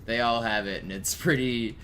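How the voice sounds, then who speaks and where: A man's voice: mid-range voice, moderate pace. A young man streaming a game, telling stories casually with lots of fillers and swearing. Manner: rambling, profane, filler-heavy storytelling. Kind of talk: casual gaming stream chat. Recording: steady background noise.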